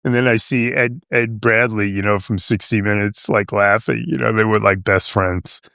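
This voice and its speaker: A man's voice: fairly low pitch, level tone, moderate pace, creaky, a bit bright, clear, resonant tone, no room sound, clean studio sound. An older American man with a New York accent, a veteran guest telling stories in a casual, rambling way, full of fillers and restarts and acting out what people said. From United States. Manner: acts out quoted voices. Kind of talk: casual storytelling.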